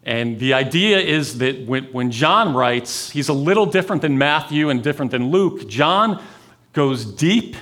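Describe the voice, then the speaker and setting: A man preaching a sermon, telling the story with dramatic swings between raised intensity and near-whispered pauses. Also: medium pitch, lively intonation. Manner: dramatic, swings from loud to hushed. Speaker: pastor.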